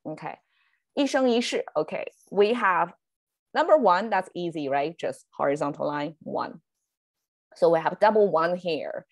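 A woman's voice: fairly low pitch, lively intonation, unhurried, dry recording. A woman whose first language is Chinese, hosting a casual online language lesson, chatty, often laughing and correcting herself as she explains slides. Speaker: Chinese language teacher and host.

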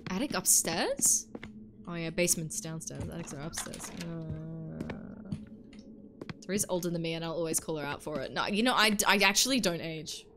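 A woman's voice: low-pitched, moderate pace, bright, forceful tone, a little hiss or hum. A woman in her twenties, a streamer chatting casually and playfully with her chat while playing a game, laughing often. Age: 20s. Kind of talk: casual gaming livestream chat.

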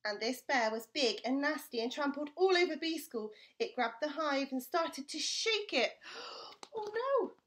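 A woman teacher reading a children's storybook aloud to her class, with expressive, playful storytelling. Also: high voice, moderate pace, hardly any pauses.

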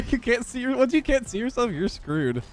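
A young man hosting a gaming video, introducing a custom map and then reacting excitedly while playing with friends. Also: extremely high pitch. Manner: excitable, laughing, quick exclamations. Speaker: gaming YouTuber. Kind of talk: gameplay commentary with friends. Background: game music.

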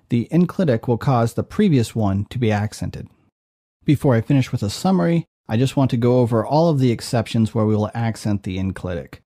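A man who teaches Greek, giving a calm, methodical, scripted grammar lesson to viewers. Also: mid-range voice. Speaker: Greek professor.

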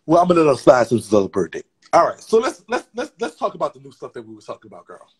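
Man, livestream host, raspy, gravelly, sassy gossip, lively swooping pitch. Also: very fast. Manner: sassy, profane, chatty.

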